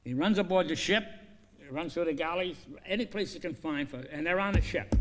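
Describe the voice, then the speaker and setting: A man pitching a film story, acting out the characters' lines and swinging between loud and hushed delivery. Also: fairly quick.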